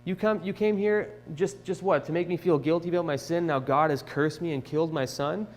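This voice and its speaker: A woman's voice: low-pitched, brisk, a little mellow, voice pushed up, natural voice. A man voicing a grieving widow who hurls angry, accusing questions, in an echoey church hall. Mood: anguished accusing. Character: desperate grieving widow, middle-aged woman.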